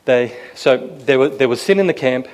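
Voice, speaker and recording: A man's voice: medium pitch, normal speed. A man preaching to a room full of listeners in an easygoing, conversational way. He keeps putting questions to the room and acts out quoted lines with a raised voice. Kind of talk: sermon. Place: room with a live audience.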